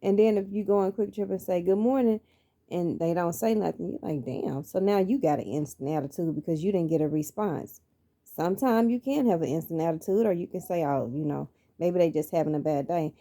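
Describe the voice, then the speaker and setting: Earnest, mellow-voiced middle-aged woman. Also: lowish voice, brisk. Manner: earnest, preacherly, repeats phrases for emphasis. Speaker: vlogger sharing her life story. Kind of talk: personal motivational monologue.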